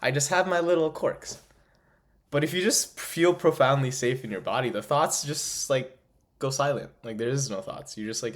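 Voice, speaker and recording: A man giving an excited, rambling vlog update with emphatic bursts. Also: mid-range voice, moderate pace. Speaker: vlogger. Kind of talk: casual monologue.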